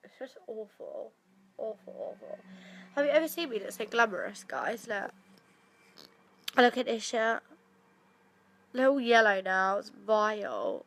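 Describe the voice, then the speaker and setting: A woman's voice: on the high side, animated, measured pace, long pauses. Congested young woman vlogging. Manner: chatty, swears freely, laughs often. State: blocked nose after surgery. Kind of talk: casual vlog to camera.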